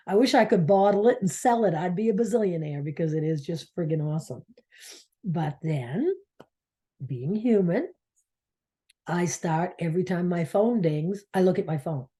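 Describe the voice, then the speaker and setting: This Maine-based spiritual coach, who hosts a channel, has a fairly low, dark-toned voice with lively intonation and normal pacing. She rambles through a heartfelt personal story, sometimes lowering to a near whisper.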